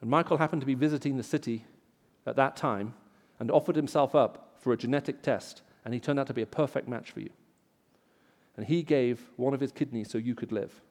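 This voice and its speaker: A man with an English accent, raised in the Middle East, preaching a sermon in an auditorium and telling stories, rising loud for emphasis. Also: mid-range voice, fairly quick, long reverb tail. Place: large auditorium.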